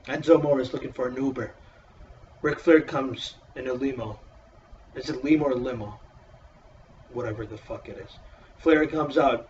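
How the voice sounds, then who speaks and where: A man's voice: mid-range voice, moderate pace, pauses often, a little hiss or hum. Profane ranting man, dull distant mic. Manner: profane, exasperated, sarcastic. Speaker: wrestling show reviewer. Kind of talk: casual ranting review.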